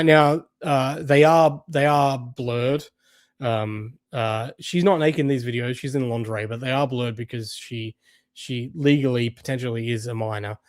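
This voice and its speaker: A man's voice: mid-range voice, no echo, clean studio sound. A man hosting a livestream, talking casually with many fillers and restarts. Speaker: host.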